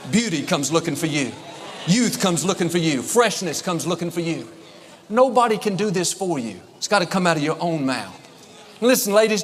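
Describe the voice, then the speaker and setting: A middle-aged man preaching a sermon, upbeat and emphatic, drawing out affirmations slowly. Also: high voice. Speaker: pastor. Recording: long hall reverb, faint noise.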